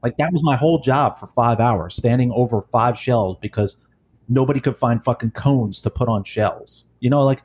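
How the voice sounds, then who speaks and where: A former police supervisor chatting casually, telling blunt, profane, rambling stories. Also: male voice, mid-range voice, moderate pace, darkish tone, husky. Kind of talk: casual storytelling chat.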